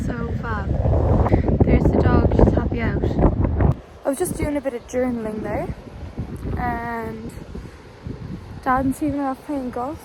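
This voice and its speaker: A young Irish woman with a high, bright-pitched voice chats excitedly into her phone while walking the coast. Wind and outdoor noise come through clearly behind her. She talks in quick exclamations and casual slang. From Ireland. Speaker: vlogger. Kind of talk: casual outdoor vlog chat. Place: outdoors on coastal cliffs and hills.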